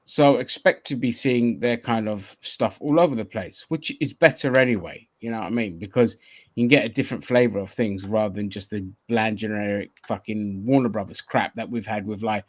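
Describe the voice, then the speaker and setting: A man's voice: on the low side, a little fast, dry recording. A man hosting a casual online chat show, rambling and swearing, with lots of restarts. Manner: profane, rambling, many restarts. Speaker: podcast host.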